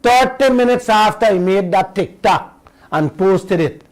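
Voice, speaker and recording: A man's voice: high voice, lively intonation, a little slow, poor audio. A middle-aged man with a Guyanese accent hosting a radio talk show, speaking in a folksy, emphatic way and calling his listeners uncle and auntie.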